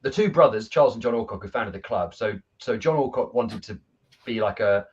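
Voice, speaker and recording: A man's voice: fairly low pitch, a little fast, slightly rough, muffled recording. A man, a football coach, telling stories in a casual video chat. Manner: animated storyteller, laughs at his own anecdotes.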